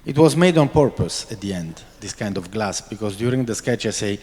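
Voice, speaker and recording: A man's voice: medium pitch, lively intonation, moderate pace, few pauses, a little mellow. A man, a watch designer, giving earnest answers at a press conference in English. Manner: earnest, repeats "honestly", non-native phrasing. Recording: long reverb in a large space.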